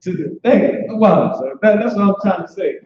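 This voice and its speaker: A man's voice: lively intonation, normal speed, slight background noise. Casual man teaching over an echoey call. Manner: loose, conversational, repeats "boom" and restarts often. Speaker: class teacher. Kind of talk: informal online language class. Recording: echoey, dull online call audio.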